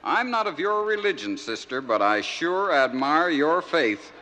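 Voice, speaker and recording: Man doing a high, amazed, wry clergyman, echoey 1971 live LP. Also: very animated, unhurried, noisy background. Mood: admiring. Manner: admiring, wry. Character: astonished male clergyman passing by.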